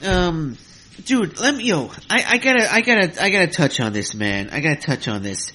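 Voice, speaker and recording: On his solo wrestling podcast, a man rants in a heated, exasperated way, packing in fillers and some cursing. His voice is a little high and sing-song, bright and forceful, moving at a moderate pace.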